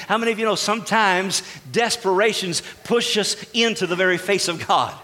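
A man's voice: high-pitched, a little fast, few pauses, sharp tone. A man preaching a sermon as pastor, speaking emphatically and putting rhetorical questions to the congregation. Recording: long reverb of a large hall.

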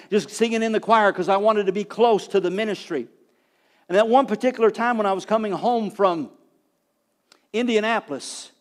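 A man preaching a sermon as pastor, telling personal stories in a fervent, informal way. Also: high-pitched. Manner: storytelling, fervent, informal with fillers.

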